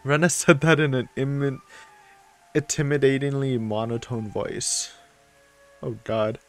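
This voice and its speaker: A man's voice: mid-range voice, fairly even intonation, a little slow, soft background music. A young man hosting a let's-play of a visual novel, chatting casually and reading passages aloud, with lots of fillers. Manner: rambling, filler-heavy, chatty.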